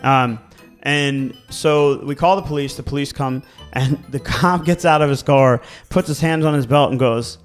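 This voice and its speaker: Over soft background music, a medium-pitched man with a Baltimore accent speaks at a normal pace. A real estate agent and podcast co-host, he tells animated, casual stories, laughing and swearing.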